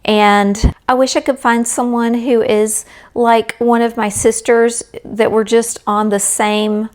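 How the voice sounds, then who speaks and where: A woman's voice: on the high side, flat delivery, slow. A middle-aged woman chatting casually as a crochet vlogger, rambling in a friendly way and talking straight to her viewers.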